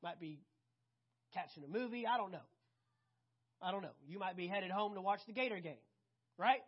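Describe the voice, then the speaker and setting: A woman preaching a sermon, animated and conversational, often asking the congregation questions. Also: medium pitch, moderate pace, breathy edge, dull audio.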